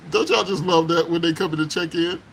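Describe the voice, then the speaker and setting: A man's voice: fairly high pitch, brisk, creaky, a little hiss or hum, poor audio. A man hosting a casual livestream, chatting with viewers, laughing often and exclaiming as he talks. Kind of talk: casual live chat. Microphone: phone.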